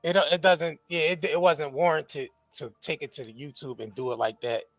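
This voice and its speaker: A man's voice: a little high, fairly even intonation, moderate pace, no room sound, faint music behind. A man talking casually as a guest, laid-back and slangy. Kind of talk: casual chat.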